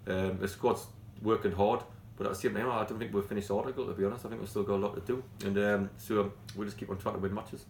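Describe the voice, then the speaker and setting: A Geordie man talks fast and bluntly about his job as a football manager, and he often breaks off and restarts mid-sentence. His voice rings in an echoey room with a faint hum of ambience behind it. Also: lowish voice, fairly even intonation. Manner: blunt, passionate, rambling with restarts. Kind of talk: post-training interview.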